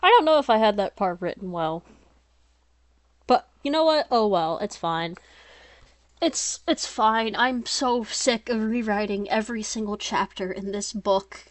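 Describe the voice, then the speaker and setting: In an unhurried mid-range voice with no echo, a woman reads her own story out loud. She stays plain and steady overall but now and then drifts into chatty, self-mocking remarks.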